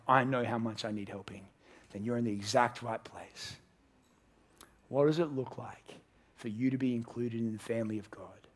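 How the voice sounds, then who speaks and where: A man preaching a sermon to a church congregation, earnest, acting out the characters in his story. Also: medium pitch. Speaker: pastor.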